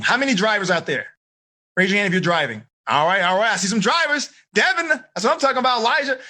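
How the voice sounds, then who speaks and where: A man running a live seminar for teenagers, energetic and asking the audience questions. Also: sits high, slightly rough. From United States. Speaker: teen life coach.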